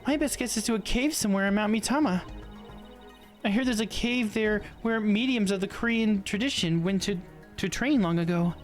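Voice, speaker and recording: A woman voicing a polite, soft-spoken young woman who is an artist. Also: mid-range voice, normal speed, faint music behind, lightly acted.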